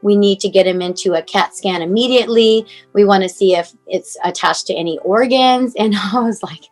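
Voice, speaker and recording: A woman's voice: mid-range voice, moderate pace, soft background music. A woman in her forties, a mother telling her son's story in a rambling, emotional way, full of fillers, acting out what others said to her. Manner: rambling, many fillers, acts out phone calls.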